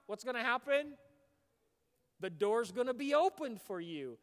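High-voiced preaching man in echoing hall. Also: a little slow. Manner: animated preaching, bursts of shouting. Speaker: pastor. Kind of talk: sermon. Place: church sanctuary. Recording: long hall reverb.

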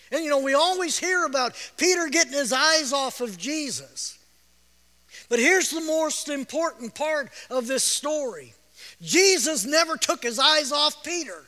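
A man preaches with a very high, bright and forceful voice, tells the story with feeling and breaks into shouts. He often repeats himself and laughs softly. Every word rings with the long reverb of a big church hall. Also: lively intonation, moderate pace. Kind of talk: sermon.

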